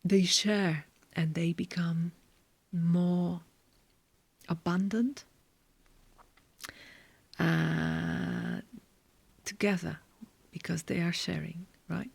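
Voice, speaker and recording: A woman giving a tarot reading in a soft, slow whisper with many pauses. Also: fairly low pitch, fairly even intonation, vocal fry, slightly rough, dry recording. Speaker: tarot reader.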